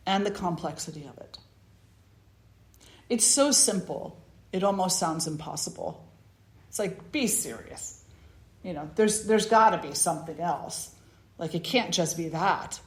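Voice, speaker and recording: A woman spiritual teacher telling a parable and preaching in an earnest, measured manner. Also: on the low side. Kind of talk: storytelling sermon. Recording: roomy echo.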